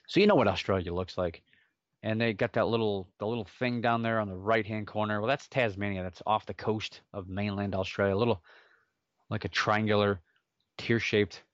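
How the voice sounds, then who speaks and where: Low-voiced guy rambling on his podcast, jokey asides, dry muffled sound. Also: no room sound. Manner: rambling, self-mocking asides. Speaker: podcast host. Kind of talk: casual solo podcast chat.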